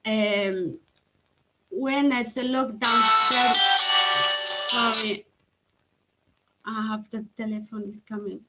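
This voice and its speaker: Slow, halting woman speaking English as a learner. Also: medium pitch, fairly bright tone, slight background noise, rough recording. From Somalia or Italy. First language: Somali. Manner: halting, searching for words, apologetic. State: emotional. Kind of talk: online conference testimony. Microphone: video call.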